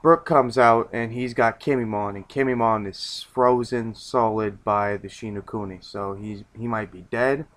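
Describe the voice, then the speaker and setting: A man's voice: fairly low pitch, steady tone, measured pace, hardly any pauses, fairly bright tone. A man reviewing in a loose casual chat, rambling with many restarts and casual swearing.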